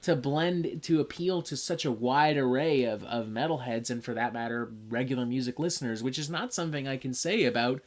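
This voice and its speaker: A man's voice: medium pitch, fairly quick, hardly any pauses. Man, casual chat, enthusiastic, swears a lot, album reviewer.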